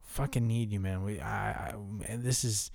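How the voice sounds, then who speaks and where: A man's voice: lowish voice, normal speed, gravelly, a little mellow, no room sound, clean studio sound. A man co-hosting a casual podcast, ranting with heavy profanity. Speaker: podcast co-host.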